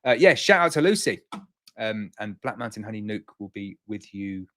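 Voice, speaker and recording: Guy running a bee livestream, lowish voice, rambly and chatty, pops up high reading names out. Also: expressive, normal speed, fairly bright tone. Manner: chatty, rambling, jumps up in pitch to read out names. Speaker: beekeeping livestream host. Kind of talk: casual live chat, reading viewer comments.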